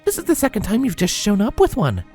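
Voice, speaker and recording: A man's voice: sits high, huge pitch swings, fast talker, darkish tone, husky, faint music behind, pitched above the performer's own voice, full character voice. A man voicing a regal royal mare with a dry, amused manner in a fanfiction reading. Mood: wry. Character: regal, wry royal mare, mother figure.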